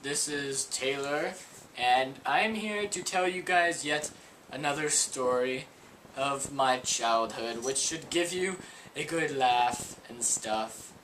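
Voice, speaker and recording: A man's voice: mid-range voice, slow, a bit bright, slight background noise, rough recording. A young man vlogging a childhood story to camera, rambling and full of "like" and "um.". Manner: rambling, filler-heavy with frequent "like".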